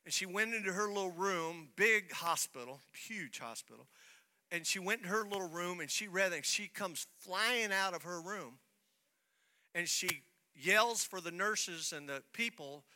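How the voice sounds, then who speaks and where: Pastor guy preaching, high bright voice, real animated storytelling. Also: unhurried. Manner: animated storyteller, acts out dialogue. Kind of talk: sermon storytelling.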